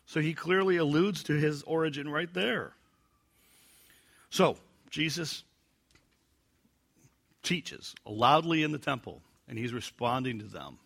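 A man's voice: fairly high pitch, measured pace, long pauses. A man teaching a Bible passage verse by verse, joking about his own gags and acting out the quotes he reads. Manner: acts out quotes in lively put-on voices.

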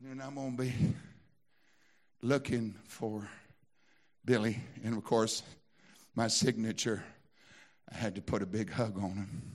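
A man with a Southern American accent preaching a sermon in a church, moving between hushed storytelling and shouted exhortation. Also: medium pitch. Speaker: pastor.

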